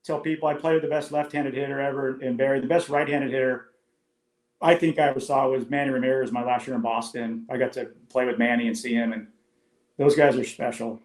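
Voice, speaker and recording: A man's voice: mid-range voice, fairly even intonation, a little fast. A man in his fifties, a former ballplayer, telling rambling, anecdotal stories as a podcast guest. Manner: rambling, anecdotal, with many restarts. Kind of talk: casual storytelling chat. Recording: echoey room.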